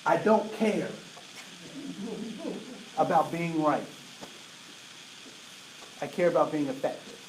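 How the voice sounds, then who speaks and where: A man in his late forties giving an energetic diversity talk to an audience, often asking "right?" to check in with them. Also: fairly high pitch, takes it slowly, long pauses. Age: 40s. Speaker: diversity trainer. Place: large room with an audience. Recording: roomy echo, voice from a distance, faint noise.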